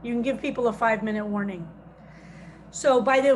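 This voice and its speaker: A woman's voice: on the high side, normal speed, a little hiss or hum, poor audio. A woman rabbi teaching a psalm study class over a video call, patiently explaining Hebrew grammar and reading translations aloud.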